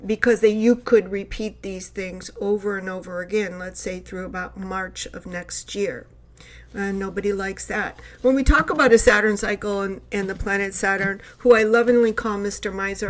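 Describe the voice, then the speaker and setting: Chatty woman astrologer rambling on. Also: mid-range voice. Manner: chatty and rambling, with many fillers and restarts. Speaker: astrologer, host of a horoscope channel. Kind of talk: casual spoken horoscope monologue.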